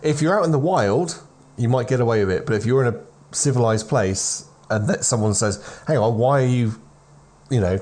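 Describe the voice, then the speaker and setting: A man's voice: medium pitch, expressive, brisk, a little mellow, a little hiss or hum. A man running a tabletop game as game master, explaining the rules of the world and often restarting his phrases.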